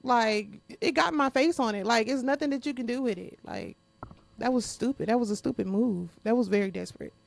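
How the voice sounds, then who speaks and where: Blunt, gravelly-voiced woman podcast host. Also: on the high side, fairly quick, no room sound. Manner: blunt and profane, addressing listeners directly; frequent laughter while venting. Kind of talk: casual podcast monologue.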